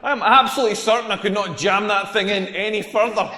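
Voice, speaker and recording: A Scottish stand-up comic. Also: male voice, high-pitched, fast, sharp tone. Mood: wry. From Scotland. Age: 40s. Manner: self-mocking, rambling anecdotal delivery. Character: self-deprecating tall Scottish male comedian, around forty. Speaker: stand-up comedian. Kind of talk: stand-up comedy set in a video game. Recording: echoey hall with long reverb.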